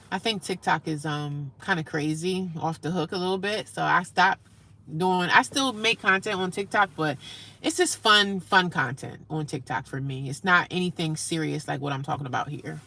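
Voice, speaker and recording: A middle-aged woman talks casually to her live-stream viewers, answering their comments as she goes. Her voice sits low, with a gravelly edge and a bright, forward tone. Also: moderate pace.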